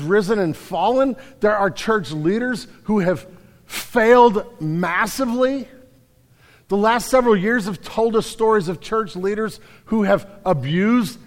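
A male pastor preaching a sermon, emphatic, swinging between loud declarations and quiet stretches. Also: high voice, in a large hall. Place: church sanctuary.

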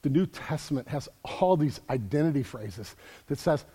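A man preaching a sermon as a pastor in a church, energetic and repeating words as he builds emphasis. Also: medium pitch, moderate pace, breathy edge, big-room sound.

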